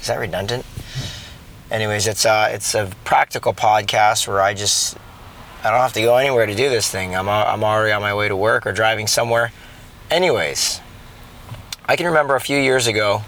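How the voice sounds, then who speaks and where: A man's voice: on the low side, fairly bright tone. A man hosting a podcast from his car on the way to work, talking in an earnest, rambling way that often restarts his sentences. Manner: rambling, self-correcting, earnest. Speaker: podcast host. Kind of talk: casual spoken reflection. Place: in a car while driving. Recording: road and traffic noise behind. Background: car and traffic noise.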